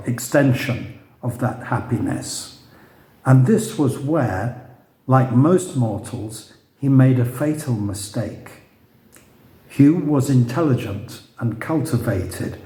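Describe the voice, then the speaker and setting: A man reads his own novel to a listening crowd, his storytelling dry and broken by hesitant asides. His voice is low and mellow, his pace slow. The sound is roomy, with an echo off the walls. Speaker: author. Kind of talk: reading his novel aloud to an audience. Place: room with a live audience.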